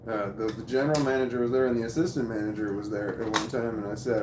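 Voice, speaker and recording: A man whose voice sits on the low side fires off words rapidly with hardly any pauses while hosting a casual stream. Between reading chat and telling animated stories, he laughs often and swears, and faint background noise sits in the roomy sound.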